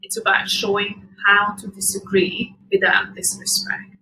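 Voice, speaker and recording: A woman hosting a parenting show, giving scripted advice in a calm, measured, reassuring way. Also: mid-range voice, a little hiss or hum, rough recording. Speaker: podcast host.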